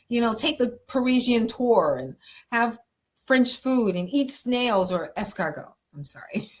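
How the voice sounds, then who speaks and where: A woman pastor talking casually about relationships, chatty and emphatic, with lots of fillers and easy laughter. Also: on the high side. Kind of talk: casual relationship advice talk.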